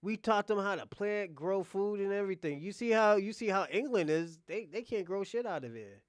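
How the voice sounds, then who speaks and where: A man's voice: high voice, animated, moderate pace, clean tone, dry recording, clean studio sound. A man hosting a reaction video, talking in a blunt, heated casual rant full of swearing.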